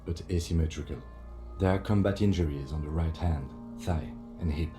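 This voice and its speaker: An actor playing a calm, methodical police lieutenant in a video game, speaking in a measured, clinical, composed way. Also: male voice, very deep voice, over music.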